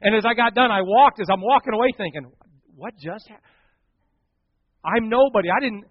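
A man, a pastor, preaching a sermon and telling a story, acting out the voices of the people in it, swinging from hushed to loud. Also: high voice, a little fast, no echo, muffled recording.

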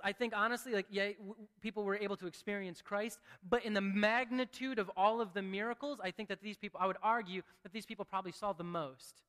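A man preaching a sermon in a chatty, conversational way, with restarts and asides, swinging from hushed to excited. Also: sits high. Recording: long hall reverb.

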